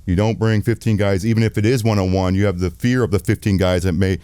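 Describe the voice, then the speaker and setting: A middle-aged man with a low, dark and mellow voice tells a wild story in an interview. He swears freely and jumps into other people's voices while he tells it. The sound is dry and close, with no room around it. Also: fast, clean tone, dry recording. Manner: animated, profane storytelling, acts out quotes. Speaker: film director, guest.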